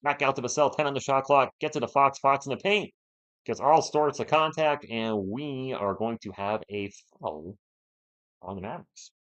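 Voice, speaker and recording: A man's voice: medium pitch, moderate pace, lo-fi sound. A man hosting a fan live stream, calling the game play by play and bantering with the chat. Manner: animated, partisan, banters with chat.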